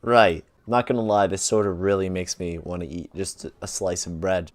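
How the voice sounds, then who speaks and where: Lowish voiced guy chatting through a silly game, amused, gasps and laughs. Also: steady tone, normal speed, few pauses. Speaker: gaming video host. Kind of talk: casual gameplay commentary.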